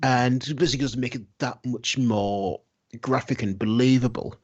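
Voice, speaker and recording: A man on a podcast, explaining film production details in a relaxed, informative way. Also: mid-range voice, normal speed, dull audio. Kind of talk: casual chat.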